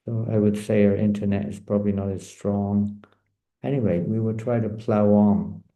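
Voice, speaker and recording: A man tells a sacred story in a sermon, dark and mellow in tone with a gravelly edge. He talks in an animated, storytelling way. The sound is roomy and echoey. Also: on the low side, normal speed. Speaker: spiritual teacher. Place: in India.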